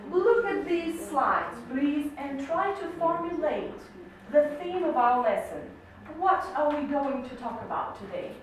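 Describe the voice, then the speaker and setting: A woman's voice: sits high, a little hiss or hum. A woman teaching an English lesson to a class, patient and encouraging, explaining with lots of questions. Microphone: camera mic from across the room. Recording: echoey classroom from far off.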